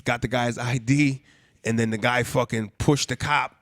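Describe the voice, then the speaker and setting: A man cohosting a podcast, telling stories in casual, profane, animated chat. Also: medium pitch, moderate pace, no echo.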